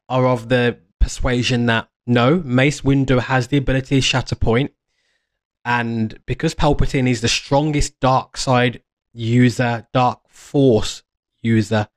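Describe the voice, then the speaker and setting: Man, mid-pitched, casual lore explainer who rambles, restarts sentences and gets enthused. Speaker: fan commentator. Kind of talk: casual fan explainer monologue.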